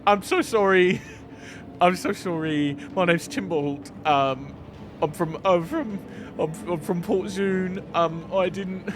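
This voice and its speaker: A man's voice: slow, music in the background. A man voicing a panicked young male cultist recruit who grovels and stammers as he begs. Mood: pleading. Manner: high, pleading and stammering.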